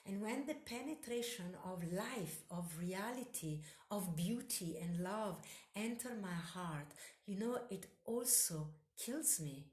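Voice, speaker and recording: A woman hosting a solo podcast, delivering a slow spiritual monologue with incantatory, repetitive phrasing. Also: mid-range voice, expressive, darkish tone, echoey room.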